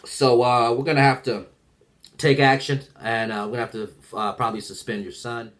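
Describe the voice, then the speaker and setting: A man acting out a stiff, hesitant school principal full of pauses. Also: medium pitch, flat delivery, fairly bright tone, voice pushed down, close to an everyday voice. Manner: halting, full of uh.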